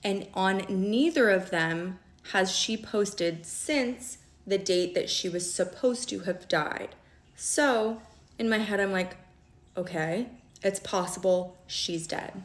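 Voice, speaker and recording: A woman's voice: medium pitch, slow pace. A woman telling a dramatic personal story to camera, indignant and frank, swearing and often checking in with the listener. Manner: dramatic, keeps checking in with "okay?" and "all right?". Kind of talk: casual storytime monologue to camera. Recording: roomy echo.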